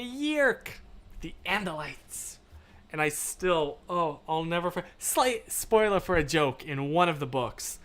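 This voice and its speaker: A man hosting a livestream, chatting casually and reading viewer comments, rambling and animated, swinging between loud and hushed. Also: fairly high pitch. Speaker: livestream host.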